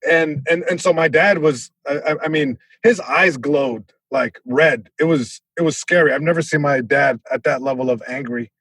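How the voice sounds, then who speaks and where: Male comic on a podcast, slightly high voice, acts out voices as he tells stories, dry mic. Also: normal speed, few pauses, slightly rough, dry recording. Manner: animated, acts out voices, many restarts. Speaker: comedian guest. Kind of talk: casual storytelling chat.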